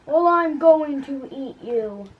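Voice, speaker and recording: A woman voicing a big, terrible, hungry male water dragon who makes slow, gruff threats in a puppet show story. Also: high voice, expressive, narrow, tinny audio. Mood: threatening.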